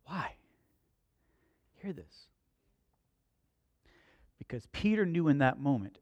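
Male pastor, animated storytelling sermon, swooping pitch, dry close sound. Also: takes it slowly, pauses often, dry recording. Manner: animated, conversational storytelling with humor.

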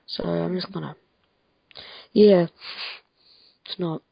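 Gravelly, husky young woman from France. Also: fairly low pitch, fairly even intonation, slow, mellow, no echo, low-quality recording. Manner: rambling, self-correcting, laughs often. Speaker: podcast host. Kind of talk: casual chat. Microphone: home computer mic on a Skype call.

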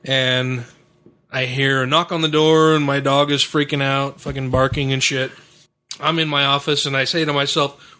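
Profane, bright-voiced podcast host. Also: male voice, medium pitch, little pitch movement, moderate pace. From Utah. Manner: profane storytelling. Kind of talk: casual podcast chat. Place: home studio.

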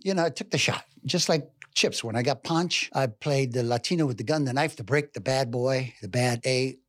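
An older man with a New York accent, telling an animated story in an interview and acting out scenes and voices. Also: medium pitch, moderate pace, dry recording, clean studio sound. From New York City. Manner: lively storyteller who acts out voices and scenes. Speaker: actor telling stories.

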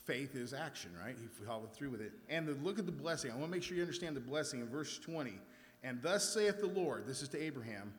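A man's voice: medium pitch, expressive, quick pace. A man leading a Bible study, reading scripture aloud and then explaining it with emphasis. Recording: echoey hall with faint ambience.

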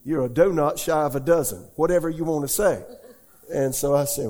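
A middle-aged man, a pastor answering questions in a conversational sermon. He talks in a folksy, animated way, tells stories and keeps asking the listeners rhetorical questions. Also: on the high side, normal speed, breathy edge.

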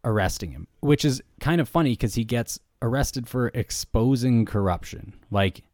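A man co-hosting a podcast, retelling a book in a relaxed, chatty way, full of "like" and "you know". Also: mid-range voice, normal speed, dry recording, studio quality. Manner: relaxed storytelling with many "like" and "you know" fillers. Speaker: podcast co-host. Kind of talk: casual book review chat.

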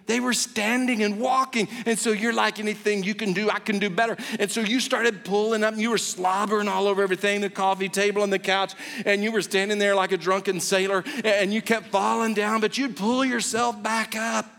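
A man preaching a sermon as pastor, telling stories with animated, playful delivery and acting out a baby's voice. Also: sits high, a little fast, vocal fry, hardly any pauses, long reverb tail. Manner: animated storytelling, acts out a baby's voice.

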